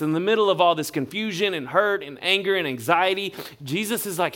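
A male pastor, preaching a sermon in a relaxed, conversational storytelling way. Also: high-pitched, fairly quick, few pauses. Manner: conversational storytelling, acts out quotes.

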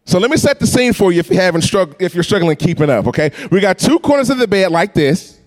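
A man preaching a storytelling sermon, animated and acting out voices and sounds. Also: high-pitched, fast. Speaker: pastor.

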